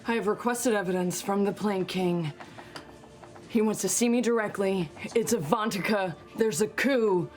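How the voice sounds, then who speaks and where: A woman's voice: mid-range voice, moderate pace, faint music behind. A woman playing her character in a tabletop game, blunt and swearing freely. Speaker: player.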